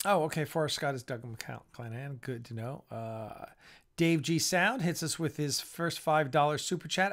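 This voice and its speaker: Male live-stream host, slightly high voice, tired and blunt, loose casual chat. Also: normal speed, a bit bright. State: tired and yawning.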